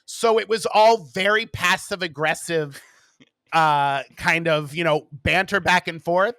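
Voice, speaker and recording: Male co-host, bright tone, chatty and wry, dry close-miked sound. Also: on the high side, measured pace, dry recording. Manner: chatty, frank, wry, swears for emphasis. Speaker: podcast co-host. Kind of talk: casual storytelling chat.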